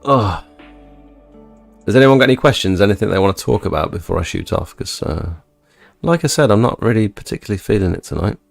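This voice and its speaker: A young man hosting a live stream, reading chat and chatting in a laid-back, low-energy way. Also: lively intonation, brisk, vocal fry, dry recording, faint music behind. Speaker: livestream host reading chat.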